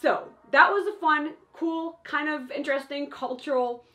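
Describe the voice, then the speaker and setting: Woman, high voice, lively teacher, slow repeated words, faint music behind. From France. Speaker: French teacher. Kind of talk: language lesson.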